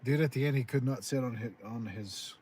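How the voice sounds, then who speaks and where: A man in casual chat, relaxed and chatty, with frequent swearing. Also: medium pitch, fairly quick, slight background noise. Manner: laid-back, profane, chatty.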